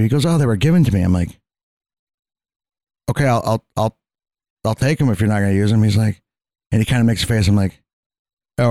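A man in casual podcast chat, telling animated stories full of swearing and quoted dialogue. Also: lowish voice, no room sound. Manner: profane, animated, quotes others in his stories.

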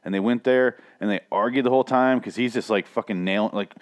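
Low voiced podcast guy, swears a lot, bluntly acts stuff out. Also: fast talker, highs cut off. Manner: blunt, profane, animated retellings. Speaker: podcast co-host. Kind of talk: casual chat.

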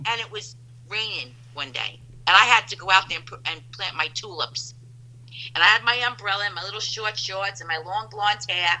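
New woman, bright piercing voice, tinny phone line, loud storyteller. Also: mid-range voice, moderate pace. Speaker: guest. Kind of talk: casual chat.

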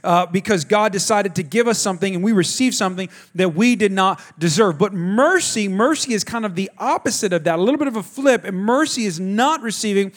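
A man's voice: sits high, expressive, a little fast, hardly any pauses. A man, preaching a sermon in a conversational way, telling family stories and talking to the congregation directly. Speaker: pastor.

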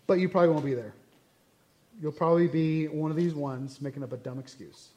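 High-voiced man teaching casually. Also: a little fast. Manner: conversational, animated, with frequent asides. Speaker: Bible teacher. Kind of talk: casual Bible study teaching.

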